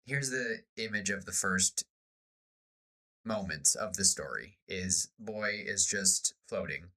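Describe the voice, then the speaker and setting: Animated male podcast co-host, bright lively delivery, brainstorms and acts out lines. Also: sits low. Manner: animated, acts out pirate lines in quick bursts. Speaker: podcast co-host pitching a story. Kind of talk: casual brainstorming chat. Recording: slightly off-sounding podcast audio.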